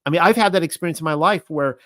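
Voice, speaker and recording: A man giving an informal Bible teaching, reading scripture aloud and commenting on it in an excitable way. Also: on the high side, quick pace, no room sound.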